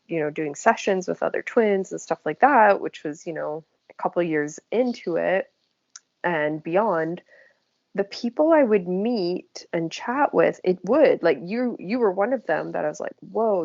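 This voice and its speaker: A woman's voice: on the low side, dry recording, lo-fi sound. A woman hosting a casual spiritual chat, reflective and hedging, laughing often. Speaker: host and spiritual guide.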